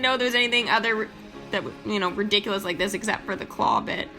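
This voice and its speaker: A young woman hosting casual commentary on a mobile game, chatty and excitable, with many ums and the odd squeal of delight. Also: mid-range voice, fast talker, music in the background. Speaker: mobile game channel host.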